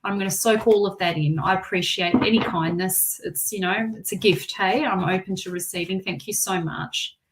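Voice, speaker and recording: A woman giving a live tarot reading, soft and reassuring, often repeating her phrases. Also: medium pitch, moderate pace, hardly any pauses, background noise. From Australia. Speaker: tarot reader.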